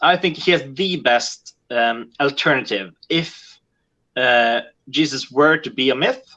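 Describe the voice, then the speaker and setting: A man's voice: medium pitch, sharp tone. A man from Norway with a Norwegian accent, a guest in a casual online chat, talking hesitantly with many fillers over a video call. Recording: dull lo-fi call audio.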